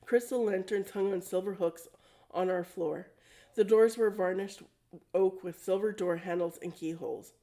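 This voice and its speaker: A woman reading a storybook aloud at a steady pace, with small self-corrections now and then. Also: on the low side. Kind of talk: storybook read-aloud narration.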